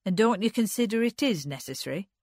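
A woman reading a story aloud, voicing a slow, stubborn young farm man who speaks plainly. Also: medium pitch, lively intonation, a little mellow, no room sound, clean studio sound, pitched above the performer's own voice.

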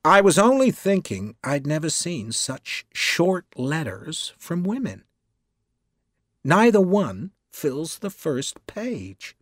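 A man voicing a cheerful, humble male secretary, talking briskly in a husky voice. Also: fairly high pitch, big pitch swings, no room sound, studio quality, voice pushed up, exaggerated voice.

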